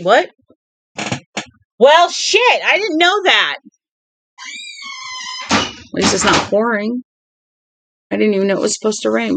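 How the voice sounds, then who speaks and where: A woman's voice: vocal fry, slight background noise, low-quality recording. A woman reading a novel aloud at home who often breaks into chatty talk with the people and dogs around her. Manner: chatty, talks to her dogs in a high baby voice. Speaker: audiobook reader and channel host.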